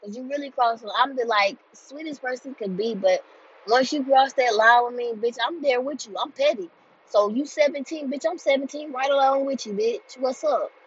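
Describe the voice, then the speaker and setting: A woman in her twenties telling a story in a casual monologue, blunt and animated, swearing freely. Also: sits high, normal speed, slight background noise. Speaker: group home staff telling a story. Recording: dull lo-fi sound.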